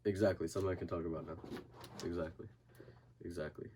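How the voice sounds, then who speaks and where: Low, dark, and steady in tone, this young man talks at a quick pace with slight noise in the background. As a boxer guesting on a podcast, he swears constantly in casual chat and performs his friend's panicked voice in the story.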